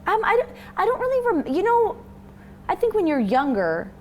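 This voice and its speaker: A woman's voice: very high voice, wildly swooping pitch, normal speed, darkish tone, slight background noise. A young woman from Toronto, chatting casually as an interview guest and rambling with plenty of fillers. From Toronto, Canada.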